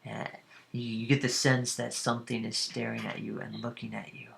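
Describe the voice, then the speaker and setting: A man narrating as dungeon master, halting with many fillers. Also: mid-range voice, level tone, gravelly, fairly bright tone, slight background noise. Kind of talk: narrating a tabletop game.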